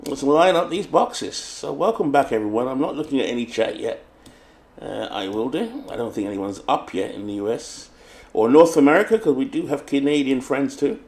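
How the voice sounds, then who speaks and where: A man's voice: mid-range voice, expressive, normal speed, darkish tone. British man, tabletop game host, chatty setup talk and announcer-style lineup calls, mid-range voice. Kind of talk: casual tabletop game commentary.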